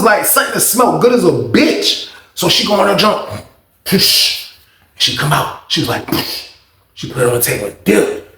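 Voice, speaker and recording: A storytime vlogger tells his story in casual slang, his somewhat high voice turning louder whenever he gets excited. He's animated, and the recording has a roomy sound.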